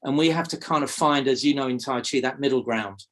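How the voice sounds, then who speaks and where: A man from South London with a softened English accent, speaking as an interview guest and teaching magic, often hesitating with fillers and repeated words. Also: medium pitch, brisk. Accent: English, softened toward RP. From South London, England. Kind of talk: conversational interview.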